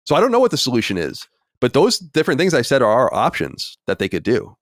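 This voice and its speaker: A man hosting a podcast in casual chat, animated and swearing, with many restarts. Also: mid-range voice, quick pace, no room sound, clean studio sound. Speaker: podcast host.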